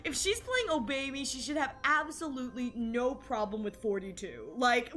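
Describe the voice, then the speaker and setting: A woman's voice: high-pitched, expressive, moderate pace, pushed and bright, faint music behind. A young adult woman streaming from home, chatting casually with her viewers, giggling often and restarting her sentences. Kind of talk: casual live-stream chat with chat readers.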